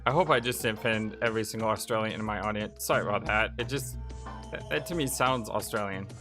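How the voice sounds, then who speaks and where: A man's voice: on the low side, quick pace, over music. A man hosting a let's play, giving casual, rambling gameplay commentary with many fillers.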